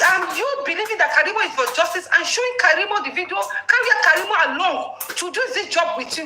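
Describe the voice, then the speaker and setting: Woman, high lively voice, laughs while arguing, echoey room, faint noise. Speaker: participant in an online audio room. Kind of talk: heated discussion.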